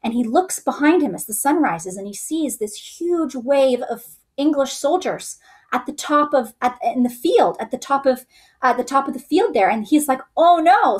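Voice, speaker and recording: A woman teaching history in a casual storytelling way, acting out quoted soldiers in raised voices. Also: fairly high pitch.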